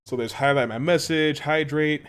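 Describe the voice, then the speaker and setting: A man's voice: fairly high pitch, moderate pace, clear, resonant tone. A man live-streaming a game and chatting casually with viewers. He swears freely, laughs often and pokes fun at himself. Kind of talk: casual gaming stream chat.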